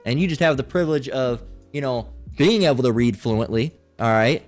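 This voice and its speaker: A man's voice: mid-range voice, faint music behind. A man hosting a religious channel, reading viewer comments aloud and answering them in a profane, mocking, scolding way, stretching words out to preach. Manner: preachy, drawn-out emphasis.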